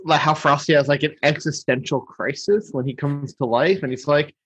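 A man's voice: fairly high pitch, fairly even intonation, normal speed, a bit bright, husky, low-quality recording. A man chatting casually and eagerly acting out favorite cartoon scenes. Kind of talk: casual chat.

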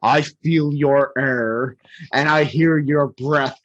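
A man voicing a sly cartoon dragon, speaking deep and drawn-out without a growl. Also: a bit bright, lo-fi sound. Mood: menacing. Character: huge slow-speaking male dragon, sly and menacing.

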